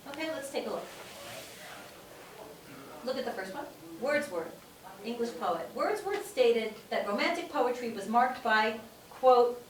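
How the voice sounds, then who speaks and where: Woman teacher, higher voice, talks to her class, repeats herself for emphasis, recorded on a distant mic in a roomy classroom. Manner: repeats points for emphasis, checks in with "okay?". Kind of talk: classroom lecture. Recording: echoey room, distant mic, faint room noise.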